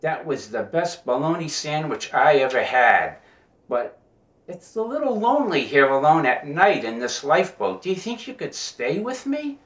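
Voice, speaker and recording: A man's voice: fairly high pitch, very animated, moderate pace, fairly bright tone. A man voicing a young stowaway woman in a joke, in a fairly roomy recording. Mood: coaxing. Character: young woman stowaway, desperate then coy. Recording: roomy echo.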